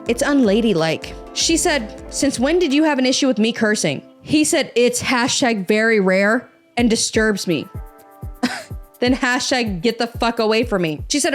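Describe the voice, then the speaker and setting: A young woman hosting a podcast, reading out online posts in casual chat with sarcastic, profane asides. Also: a little high. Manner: sarcastic, profane and animated, quick asides and laughs. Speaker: podcast host.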